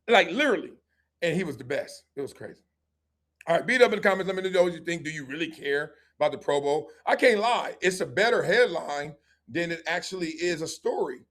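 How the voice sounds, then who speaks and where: A man, hosting a livestream and telling lively stories, acting out voices and laughing often. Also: high-pitched. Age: 50s. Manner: animated storyteller, acts out voices, laughs often. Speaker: show host. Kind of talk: livestream storytelling and chat.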